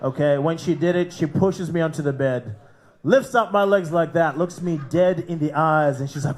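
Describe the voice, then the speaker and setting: A brash Australian man works a comedy club stage with crude stand-up, cussing and cracking up at his own lines. His voice sits high for a man. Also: normal speed, a little mellow. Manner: brash, swearing, laughing at his own jokes. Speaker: comedy show host and comic.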